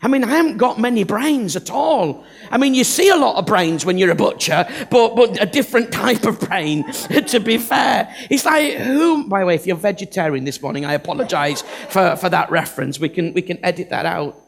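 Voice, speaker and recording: Gravelly high-pitched preacher. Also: male voice, animated, normal speed. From north of England. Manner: humorous, self-deprecating, acts out Bible characters. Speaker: visiting preacher. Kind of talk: sermon.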